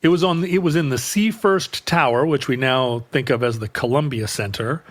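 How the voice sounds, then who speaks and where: A man co-hosting a podcast, telling a long rambling work story in casual chat, jumping high when he quotes people. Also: moderate pace. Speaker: podcast co-host.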